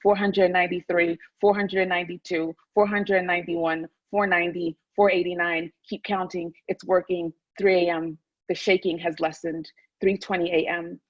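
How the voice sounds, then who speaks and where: A woman author talking candidly, then reading from her memoir in a measured, deliberate way. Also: fairly low pitch, level tone, no echo, muffled recording. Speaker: author and guest.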